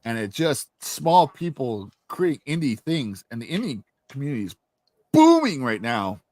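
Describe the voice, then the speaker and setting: A man's voice: medium pitch, moderate pace, no room sound. A young man ranting in a casual monologue, blunt and heavy with swearing, as an indie author promoting his book. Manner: profane, blunt and animated. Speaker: indie author and channel host.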